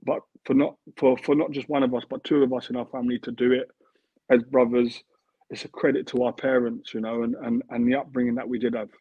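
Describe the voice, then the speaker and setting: A former football player in his thirties speaks fairly quickly in a medium-pitched, flat, breathy-edged voice with no echo. As a guest in a casual interview, he talks earnestly and repeats himself while building a point. The line sounds tinny, like a dry remote phone connection.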